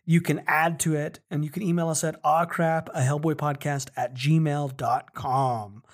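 Co-host, mid-pitched voice, easygoing, frequent laughter, thoughtful asides. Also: fairly even intonation, a little slow. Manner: laughs often, reflective and enthusiastic. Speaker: podcast co-host. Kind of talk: casual podcast chat.

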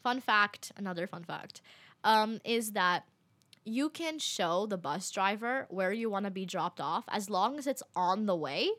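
A young woman telling a travel story to her viewers in a casual, animated way, full of fillers and little laughs. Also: medium pitch, dry recording. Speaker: vlogger.

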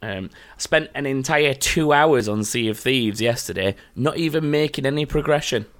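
A man's voice: medium pitch, moderate pace, fairly bright tone. A man, a podcast host chatting casually and telling stories. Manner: chatty, laughing, storytelling. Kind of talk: casual chat.

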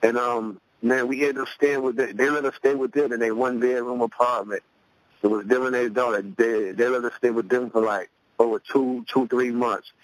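A middle-aged man from Cleveland, a rapper guest, telling a story casually, often repeating words as he restarts, and lifting his pitch to act out quoted voices. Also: steady tone, moderate pace, dry recording, poor audio. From Cleveland, USA. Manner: loose, repeats words while restarting sentences.

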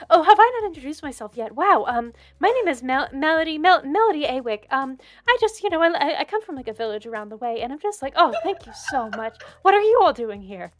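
A woman's voice: high voice, no echo, voice pushed up. A woman voicing a nervous young village woman who rambles and stammers in a tabletop role-play game.

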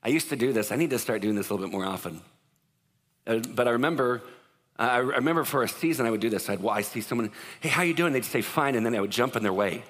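A man preaching a sermon as pastor, in an animated, conversational way, acting out what people say. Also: mid-range voice, rapid-fire, in a large hall.

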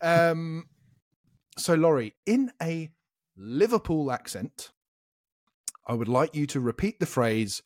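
Lively man hosting a podcast quiz. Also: on the high side, slow, long pauses, dry recording, clean studio sound. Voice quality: animated, teasing, swears freely. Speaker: quizmaster and podcast host. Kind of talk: casual podcast banter, running a quiz. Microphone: podcast microphone.

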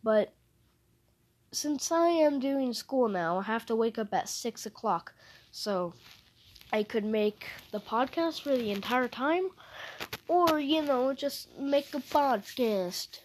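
Young woman, solo podcast host, slow unhurried pace, rambling, hesitant, trails off. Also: on the high side, lively intonation, a little mellow. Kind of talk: casual solo podcast chat.

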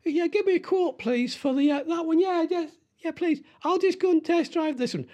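A British man putting on a squeaky, meek voice as a timid, overly polite car buyer. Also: normal speed, dark tone.

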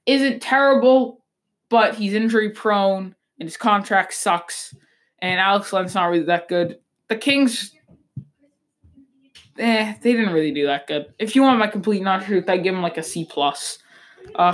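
A woman hosting a sports podcast, giving blunt, opinionated takes in a loose, rambling way with frequent restarts. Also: fairly low pitch. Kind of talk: casual sports talk.

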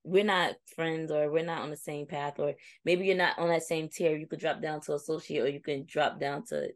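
A young woman with a low voice co-hosts a casual chat, telling stories in a reflective way. She livens up when she quotes her friends. The recording is dry and close. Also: moderate pace, no echo. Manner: reflective, storytelling, animated when quoting friends. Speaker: co-host.

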